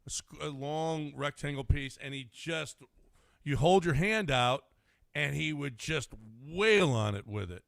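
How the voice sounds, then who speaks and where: A man co-hosting a sports radio show in casual studio banter, telling stories and sometimes dropping to a low mutter. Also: expressive, unhurried, vocal fry, fairly bright tone, dry recording. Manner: storytelling, drops to a low mutter, sings a mock tune. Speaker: radio sports talk co-host. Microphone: studio microphone.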